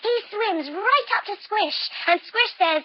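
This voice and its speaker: Animated, high-pitched woman telling a kids' yoga story. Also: measured pace, dry recording, muffled recording. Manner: animated, playful, exaggerated storytelling with sound effects. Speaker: kids yoga teacher. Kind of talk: storytelling yoga lesson for children.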